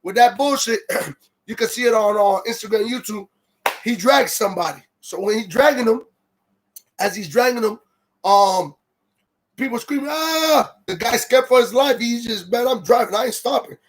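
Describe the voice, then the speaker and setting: Heated high-voiced man ranting on a livestream. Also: moderate pace, pauses often. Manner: heated, profane, reads viewer comments aloud. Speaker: livestream host.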